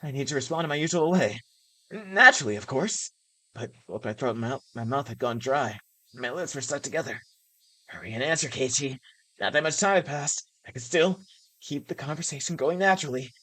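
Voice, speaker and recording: Very low-voiced woman reading a game. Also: a little fast, no echo. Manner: laughs and reacts excitedly between passages. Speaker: streamer reading a visual novel aloud. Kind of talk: narrating game text in first person.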